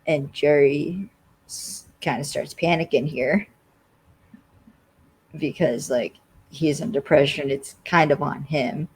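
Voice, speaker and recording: A podcast co-host casually recapping a TV episode, rambling and filling every pause with "like.". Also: medium pitch, a little hiss or hum, low-quality recording. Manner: rambling, constantly says "like".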